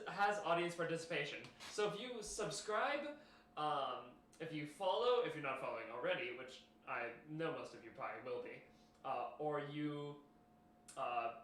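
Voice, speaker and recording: Young male streamer, bright raised voice, meandering casual chat with fillers, echoey room. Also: fairly high pitch. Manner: rambling, many fillers and restarts, addressing chat. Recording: roomy echo with faint noise.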